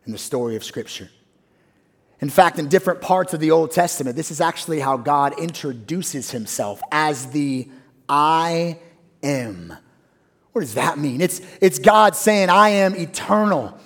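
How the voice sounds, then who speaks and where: High-voiced pastor preaching with dramatic swings. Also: male voice. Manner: dramatic swings from loud high peaks to hushed low phrases. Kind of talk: sermon. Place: church.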